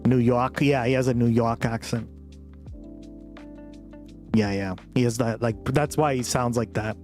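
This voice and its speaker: A man's voice: medium pitch, steady tone, slow, long pauses. Rambling male streamer over faint music. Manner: offhand, rambling, swears freely. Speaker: livestream host. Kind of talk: casual reaction commentary.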